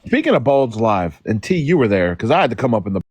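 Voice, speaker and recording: A man chatting on a livestream with a lively, swooping pitch that climbs high whenever he acts out a quote. His manner is blunt and profane. The sound is dry and close, with no room around it. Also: quick pace, breathy edge, no room sound. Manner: animated, profane storytelling with acted quotes. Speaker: livestream co-host. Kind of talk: casual chat.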